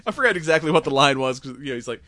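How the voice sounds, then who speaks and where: A man's voice: on the high side, expressive, fast talker. A man casually recapping a film plot in a rambling way, laughing often and swearing freely. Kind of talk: casual movie recap chat.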